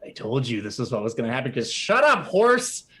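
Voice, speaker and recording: A man's voice: a little high, sing-song, measured pace, a bit bright. A man voicing a rude, grumpy male toy horse who talks bluntly. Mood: annoyed.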